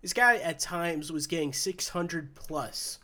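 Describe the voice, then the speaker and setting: A man's voice: on the high side, slow pace, bright, forceful tone. Rambling male sports podcast host. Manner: rambling, restarts often, laughs easily. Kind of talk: casual sports podcast chat.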